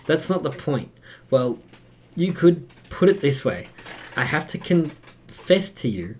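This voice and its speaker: An Australian man voicing a calm, autonomous male AI in a game, reading its lines quietly and evenly. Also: fairly high pitch, slow pace, slight background noise.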